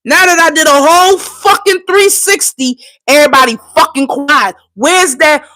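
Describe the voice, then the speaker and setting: A woman's voice: high-pitched, normal speed, pushed and bright. A woman from Trinidad, fighting back tears, ranting on a livestream in a profane, impassioned, insistent way. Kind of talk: emotional live-stream rant.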